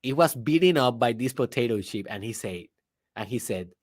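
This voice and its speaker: A man's voice: mid-range voice, moderate pace, no echo, studio quality. A young man whose first language is Spanish, telling a story in a casual motivational monologue with loose grammar. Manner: animated storytelling with laughter and non-native grammar. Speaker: podcast host.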